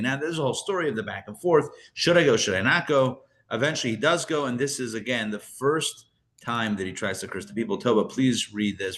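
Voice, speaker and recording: A man's voice: mid-range voice, a bit bright, a little hiss or hum. A man teaching a live Torah class as a rabbi, chatty and full of fillers and restarts, with joking asides.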